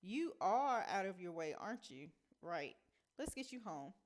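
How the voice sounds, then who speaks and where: A woman's voice: on the low side, very animated, a little slow, a little hiss or hum. A woman reading a novel aloud, voicing a friendly, overly polite middle-aged man who talks in an amiable, rambling way.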